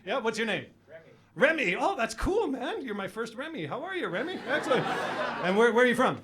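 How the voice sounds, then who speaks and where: A man's voice: very high-pitched, big pitch swings, a little fast, noisy background. A man from Canada doing a loose stand-up comedy set on a club stage, tossing in constant "right?" and "okay?" asides. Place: comedy club stage before a live audience.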